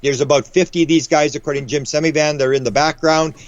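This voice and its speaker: A man as guest author in a casual interview, rambling with quick restarts and acting out the voices he quotes. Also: a little high, fairly even intonation. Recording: dull lo-fi audio.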